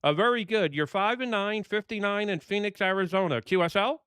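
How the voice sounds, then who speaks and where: A ham radio operator with a New York accent calls stations in a chatty, relaxed way. His voice sits high and rings smooth and clean. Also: a little fast, dry recording, clean studio sound. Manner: chatty, easygoing, laughs often. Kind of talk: casual on-air radio contacts.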